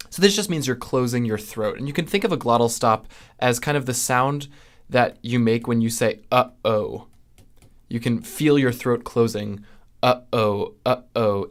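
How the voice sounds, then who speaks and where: American man explaining sounds of speech. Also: medium pitch. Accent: General American. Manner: measured, with frequent fillers and restarts. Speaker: linguistics video host. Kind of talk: explanatory lesson.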